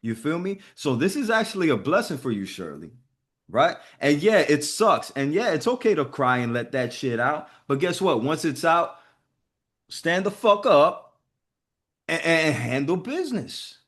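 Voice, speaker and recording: A man's voice: on the high side, big pitch swings, normal speed, fairly bright tone. A man hosting a group video call, giving casual motivational talk in a profane, emphatic way.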